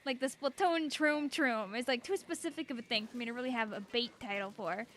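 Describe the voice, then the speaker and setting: A woman's voice: a little high, brisk, fairly bright tone, a little hiss or hum. A young woman streaming a game, chatting casually and bubbly, laughing often. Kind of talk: casual gameplay chat.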